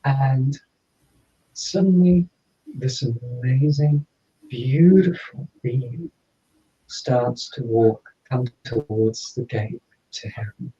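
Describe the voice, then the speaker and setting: Mellow man telling a story. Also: medium pitch, takes it slowly. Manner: animated, acts out dialogue. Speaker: podcast guest. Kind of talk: personal storytelling. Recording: slightly dull lo-fi audio.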